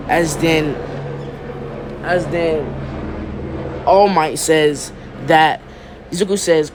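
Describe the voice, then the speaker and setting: A man's voice: a little high, fairly even intonation, takes it slowly, long pauses, background noise. A young man casually retelling a fan story, rambling with restarts and slang.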